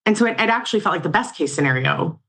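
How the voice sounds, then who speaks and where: A woman's voice: lowish voice, expressive, very fast, gravelly, fairly bright tone, husky. A woman in her forties, a guest in a casual interview, talking in an earnest, reflective and slightly emotional way. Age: 40s.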